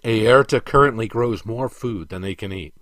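A man's voice: on the low side, a bit bright, no room sound, clean studio sound, close to an everyday voice. A man voicing a stern, lecturing emperor. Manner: measured, authoritative, lecturing.

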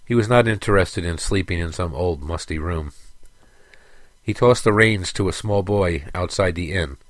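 Casting: male storyteller, very low voice, dry close recording, steady pacing. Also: moderate pace, no room sound. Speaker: narrator. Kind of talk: scripted fantasy narration.

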